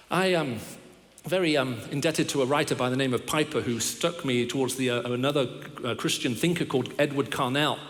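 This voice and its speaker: A middle-aged man delivers a sermon as a visiting preacher, pitched a little higher than most men. He weaves stories and dry self-deprecating jokes into his point. His voice rings out through a large church hall with a long reverb tail. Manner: storytelling with humor and self-deprecating asides. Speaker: guest preacher.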